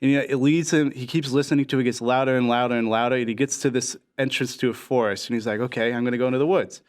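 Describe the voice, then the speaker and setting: A young man spins a long, rambling shaggy-dog joke on a casual podcast. He acts out each character's lines as he goes, and his pitch sits in the middle for a man. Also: fairly even intonation, fast talker. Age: young adult. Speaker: podcast guest. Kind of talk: casual storytelling.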